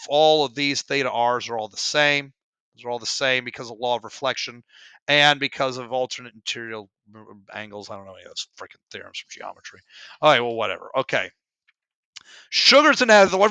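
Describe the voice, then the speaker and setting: A man's voice: medium pitch, bright, forceful tone, smooth, no echo. Grumbling man talking through physics problems. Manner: grumbling, self-deprecating, wry asides. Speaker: physics teacher working exam problems. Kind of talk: casual solo problem walkthrough. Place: home room.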